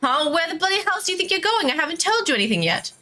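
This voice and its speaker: A woman voicing a brisk, scornful young female reporter in a video game. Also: medium pitch, pushed and bright.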